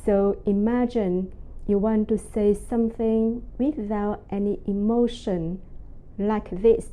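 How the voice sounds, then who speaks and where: A woman teaching a pronunciation lesson, speaking slowly and carefully and drawing out her example syllables. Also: mid-range voice, steady tone, narrow, tinny audio. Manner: slow, careful enunciation with drawn-out example syllables. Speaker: language teacher. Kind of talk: slow, deliberate pronunciation lesson.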